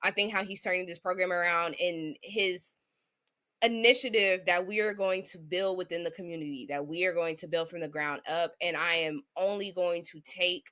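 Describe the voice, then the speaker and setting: Bright-toned female sports podcast co-host. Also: lowish voice, steady tone, moderate pace. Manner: confident and opinionated. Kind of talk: casual sports talk.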